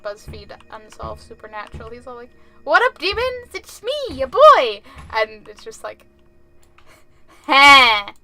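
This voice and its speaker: A woman's voice: medium pitch, creaky, a bit bright. A woman streamer giving casual, jokey gameplay commentary, chatty, swearing freely and laughing often.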